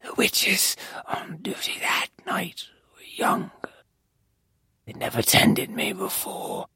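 A reader doing whispered role-play, haunted young man, husky gravelly hush, dry close sound. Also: mid-range voice, expressive, no room sound, voice pushed up, exaggerated voice. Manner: halting, hushed, grave. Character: haunted young male captive, broken and guilt-ridden.

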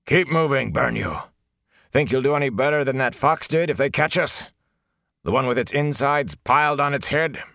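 A man reading an audiobook, voicing a harsh older male wilderness guide who shouts and scorns the tired travellers he drives on. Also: medium pitch, very animated, a little fast, no room sound, studio quality, pitched above the performer's own voice. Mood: taunting harsh.

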